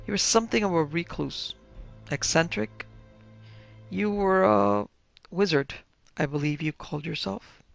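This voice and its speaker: A man voicing a dutiful, nervous young nephew who talks in a brisk, deferential way. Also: on the high side, expressive, vocal fry, a bit bright, full character voice. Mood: explaining. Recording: dull lo-fi with faint music.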